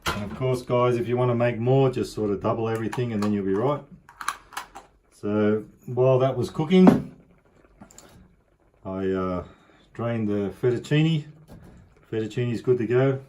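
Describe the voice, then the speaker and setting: A man's voice: medium pitch, normal speed, pauses often, background noise. A middle-aged man with an Australian accent chatting casually through a home-kitchen cooking demonstration, rambling and easygoing. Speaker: cooking vlogger.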